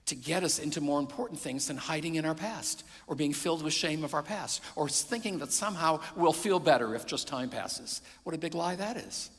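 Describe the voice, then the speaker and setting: A middle-aged man, a pastor preaching a sermon, swinging between loud emphasis and hushed near-whispers. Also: a little high, animated, brisk, few pauses. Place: church sanctuary. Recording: long hall reverb.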